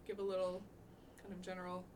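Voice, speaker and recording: A woman's voice: lowish voice, monotone, fast talker, noisy background. A young woman from Canada, co-hosting a casual podcast chat, chatty and full of "like". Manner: chatty, heavy use of "like", laughs often. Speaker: podcast co-host.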